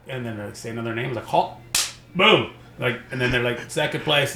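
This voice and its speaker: Animated man telling stories. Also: medium pitch, a little fast, noisy background. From Canada. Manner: animated storyteller, acts out voices of others. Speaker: stand-up comedian guest. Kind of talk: casual storytelling chat. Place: podcast studio. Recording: roomy echo.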